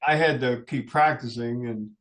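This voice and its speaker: A middle-aged man speaks as a guest in a radio studio. His voice sits in an ordinary middle pitch, and he tells personal stories in a loose, rambling way. He breaks into small chuckles as he talks. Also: normal speed. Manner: rambling anecdotes with frequent chuckles. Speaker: musician guest. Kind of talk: personal storytelling in a radio interview.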